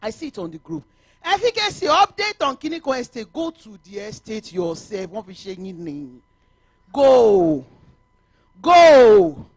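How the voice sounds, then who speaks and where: A woman's voice: a little high, fairly quick, slightly rough, no room sound. Nigerian lady giving a pep talk to realtors, voice jumps all over, laughs a lot, dry sound. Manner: animated, mixes Yoruba and English, laughs often. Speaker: conference speaker. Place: conference hall.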